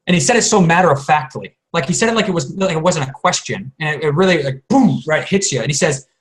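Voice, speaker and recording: A man guest on a team call, telling stories in an animated, emphatic way. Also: a little high, fast talker. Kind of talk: casual chat.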